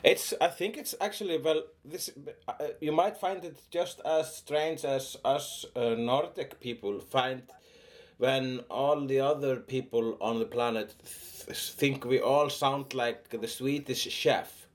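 A man's voice: medium pitch, unhurried. A man from Iceland in casual chat, playful and trying silly impressions.

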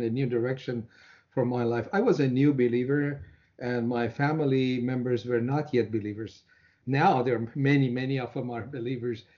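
A man in his sixties from Iran, a Christian minister telling his personal testimony in an interview, earnest, repeating words and acting out his prayers. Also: warm tone. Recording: muffled low-fidelity audio.

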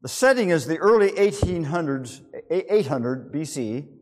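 Lively pastor preaching in a reverberant hall. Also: male voice, a little high, measured pace. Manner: vivid storyteller, asks rhetorical questions. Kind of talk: sermon.

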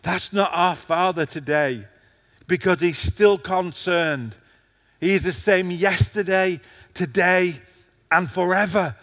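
High-voiced passionate male preacher. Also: slow, fairly bright tone, big-room sound. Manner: passionate preaching, rising and falling in intensity. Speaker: pastor. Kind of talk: sermon.

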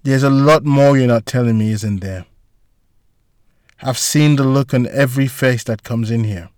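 A man's voice: mid-range voice, moderate pace, a little mellow, no echo, close to an everyday voice. A guarded, wounded woman boss, read by a man in a storybook, blunt and clipped in her questions. The voice sits close and dry, with no room sound.

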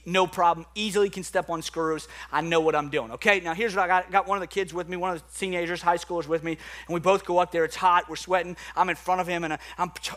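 A high, bright male voice preaching with lively swings between loud bursts and quieter, lower stretches. He is a pastor in his thirties, telling stories and acting out the voices in them. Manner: animated preaching with acted-out dialogue and asides. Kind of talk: sermon.

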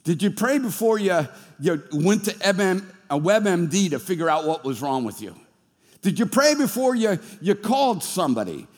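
A male pastor preaching a sermon in an animated, jokey, conversational way, in a church hall being filmed. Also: high-pitched, normal speed, few pauses. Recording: long hall reverb.

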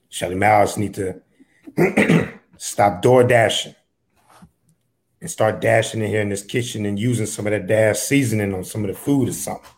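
A tired, aggrieved husband home from a long shift, as a man acts him out. He complains in a low, exasperated voice. It is an improvised comedy sketch. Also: lightly acted. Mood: pleading.

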